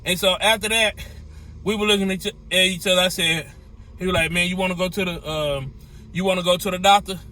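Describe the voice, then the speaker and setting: A man, a truck driver telling a story in a lively, repetitive way with folksy slang. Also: high-pitched, a little fast. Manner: animated, repeats phrases, folksy slang. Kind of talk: storytelling to camera.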